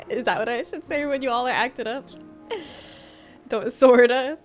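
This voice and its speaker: A woman's voice: fairly high pitch, moderate pace, pauses often, faint music behind. A woman hosting a casual livestream from a room at home, reading out viewer comments in a playful, teasing way and laughing often. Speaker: livestream host.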